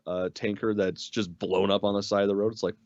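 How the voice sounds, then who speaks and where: A man's voice: fairly low pitch, little pitch movement, fairly quick, a little mellow, lo-fi sound. A man co-hosting a casual review chat, laid-back and profane, with lots of filler words. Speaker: podcast co-host.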